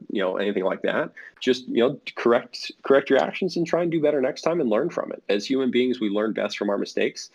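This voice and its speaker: Gravelly low-voiced man, lo-fi audio. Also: darkish tone. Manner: rambling, many fillers and restarts. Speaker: flight sim network representative guest. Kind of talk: casual podcast interview. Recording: dull lo-fi audio.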